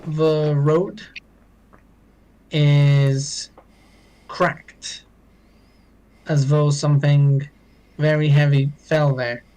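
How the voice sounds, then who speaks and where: A man narrating as dungeon master in a tabletop game, pausing often with ums and uhs. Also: a little high, flat delivery, warm tone, smooth, poor audio. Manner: unhurried, halting, with many ums.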